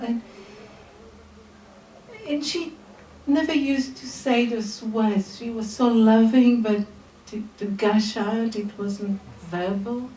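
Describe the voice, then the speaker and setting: Brief: middle-aged woman, live storyteller, unhurried and mellow, recorded roomy and distant with faint noise. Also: a little high, steady tone. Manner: slow, soft and heartfelt, with hesitant restarts. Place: storytelling event venue.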